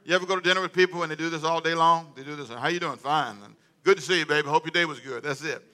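A middle-aged pastor preaches in call-and-response style, urging his congregation to read along aloud and answer back. His voice is a little high, bright and pushed, and he talks at a rapid-fire clip.

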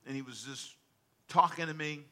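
Pastor, male, bright and fairly high voice, lively sermon delivery, banters with the congregation. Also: moderate pace.

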